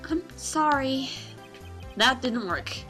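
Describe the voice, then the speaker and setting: A woman's voice: high voice, animated, slow, sharp tone, soft background music, exaggerated voice. A woman voicing a meek young male lawyer who stammers and hesitates, in a fan game dub.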